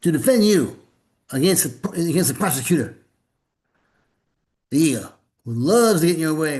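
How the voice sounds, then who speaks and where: A man's voice: fairly high pitch, lively intonation, moderate pace, long pauses, darkish tone, breathy edge. A man leading a spiritual gathering and giving an informal, rambling sermon, often repeating words and slipping in jokes.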